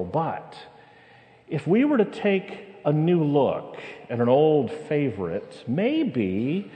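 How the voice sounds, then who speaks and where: Slow, lively-voiced man preaching in a reverberant hall. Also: mid-range voice. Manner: humorous, with dramatic pauses and rising questions. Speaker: pastor. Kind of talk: sermon. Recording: long reverb of a large hall.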